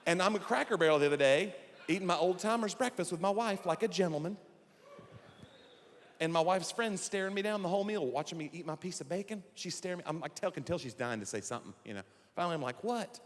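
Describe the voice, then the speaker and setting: A man's voice: high voice, fast, big-room sound, slight background noise. A man in his forties doing stand-up comedy, acting out quoted voices as he talks. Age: 40s. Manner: animated, acts out quoted voices.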